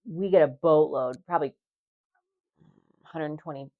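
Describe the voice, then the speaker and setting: A woman with a very deep voice co-hosts a casual podcast. She works in primary care and talks bluntly, with crude humor and plenty of swearing. The recording sounds dull and lo-fi. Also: moderate pace. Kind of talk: casual chat.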